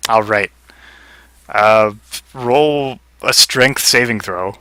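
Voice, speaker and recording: A man's voice: mid-range voice, extremely slow, clear, resonant tone, no echo. Easygoing man running a tabletop game. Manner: relaxed, chuckling, loose narration with fillers. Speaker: game master.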